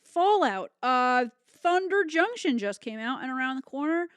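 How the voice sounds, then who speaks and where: A woman's voice: sits high, big pitch swings, moderate pace, clean tone, dry recording. A young woman co-hosting a casual chat show, upbeat and playful. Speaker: co-host.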